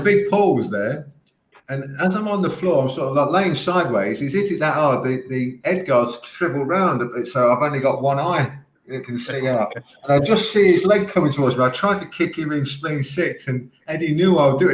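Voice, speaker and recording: Brief: middle-aged guest, fairly high voice, laughing storyteller, roomy echo. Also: male voice, slight background noise. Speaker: podcast guest, martial arts instructor. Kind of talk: casual chat. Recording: echoey room, faint ambience.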